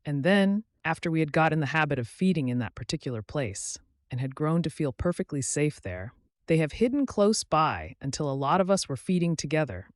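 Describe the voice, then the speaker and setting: A man's voice: on the high side, dry recording, studio quality, natural voice. A man voicing an anxious, distrustful female duck far from home, fretful and tearful.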